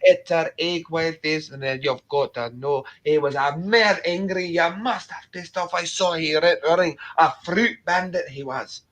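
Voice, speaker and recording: A man putting on a sweet, batty old Scottish granny with a high, quavering voice. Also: unhurried, few pauses, fairly bright tone.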